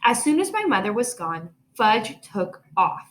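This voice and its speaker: A woman's voice: a little high, very animated, measured pace. Woman teacher reading to her class. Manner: gentle, encouraging teacher talk. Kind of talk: reading aloud to children. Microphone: home video recording.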